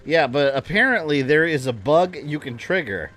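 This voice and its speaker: A man's voice: on the high side, expressive, moderate pace, a bit bright. A man chatting casually at his home desk while livestreaming a game, rambling and joking at his own expense. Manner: chatty, rambling, self-deprecating. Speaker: game streamer.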